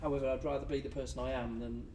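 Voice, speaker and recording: A man's voice: medium pitch, very fast, a loud crowd. A man, a hypnotherapist and life coach, explaining his ideas with anecdotes as a podcast guest. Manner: animated, explains with examples and anecdotes. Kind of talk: casual podcast conversation. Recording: roomy echo, distant mic, faint ambience.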